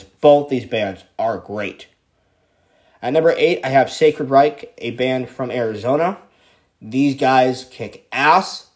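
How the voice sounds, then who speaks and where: A man counting down his favorite bands in a casual, excitable way, swearing freely and repeating himself. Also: mid-range voice. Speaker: music vlogger ranking bands.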